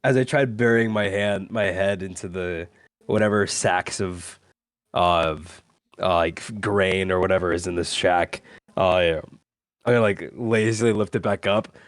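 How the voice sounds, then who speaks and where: A man's voice: deep voice, unhurried, dry recording, clean studio sound. A man playing a tabletop game, describing his character's actions in a rambling, filler-heavy way, laughing as he goes. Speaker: player. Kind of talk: casual tabletop role-play.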